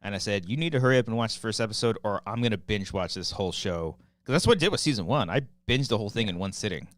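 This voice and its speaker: A man's voice: fairly low pitch, animated, quick pace, fairly bright tone, dry recording. A man in his thirties co-hosting a podcast, chatting loosely, joking and swearing freely. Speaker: podcast co-host. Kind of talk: casual chat.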